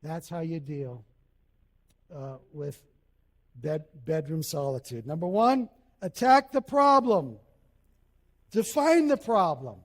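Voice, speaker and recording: A male pastor preaching a sermon, animated, acting out little scenes and quotes as he goes. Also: sits high, in a large hall.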